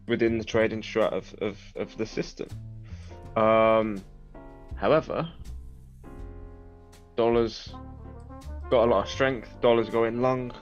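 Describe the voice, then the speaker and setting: A man's voice: medium pitch, lo-fi sound. A man co-hosting a live trading show, chatting casually with matey banter and calling his co-host "mate".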